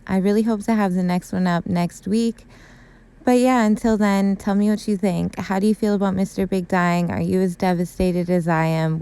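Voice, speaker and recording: Gushing young woman with a mellow voice. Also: on the low side, smooth. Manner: gushing and emotional, heavy use of "like" and "super". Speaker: YouTuber recapping a TV episode. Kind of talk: casual recap chat.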